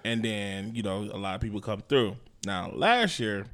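A man with a fairly low voice hosts a relaxed podcast chat with friends. He rambles in slang, padding his talk with lots of uhs and ums. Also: moderate pace. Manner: rambling, slangy, many fillers. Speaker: podcast host. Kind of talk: casual chat.

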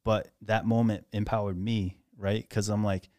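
A man with a fairly low voice talks through a military training memory in relaxed podcast conversation. The recording is dry and close. He is reflective and unhurried, with casual swearing. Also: no echo.

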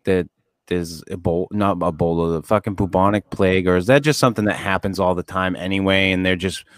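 A man's voice: low-pitched, steady tone, fairly quick. A middle-aged man co-hosting a podcast in casual chat, swearing freely, rambling and laughing often. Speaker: podcast co-host.

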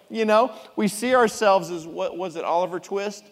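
Middle-aged male pastor, lively joking sermon delivery, slightly higher voice, long hall reverb. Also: normal speed, few pauses. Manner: animated, jokey storytelling preacher.

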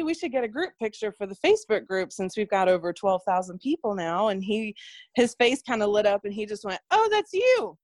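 A woman telling a personal story, animated and chatty, who jumps into the voices of the people she quotes. Her voice sits at a middle pitch and sounds close and dry, with no room around it. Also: no room sound. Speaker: guest; nurse. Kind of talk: casual storytelling.

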